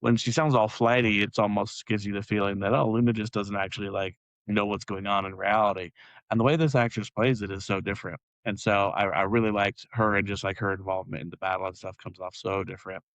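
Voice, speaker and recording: Chatty man with a low voice. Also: steady tone, fast talker, fairly bright tone, no room sound, rough recording. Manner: chatty, rambling with fillers and laughs. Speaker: podcast co-host. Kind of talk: casual chat.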